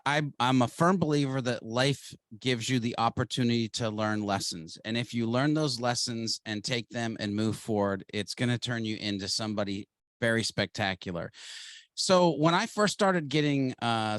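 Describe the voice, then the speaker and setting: A man's voice: medium pitch, normal speed, fairly bright tone. Upbeat guy guest, emphatic storyteller, dry sound with no room echo. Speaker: guest, marketer. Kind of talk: conversational interview.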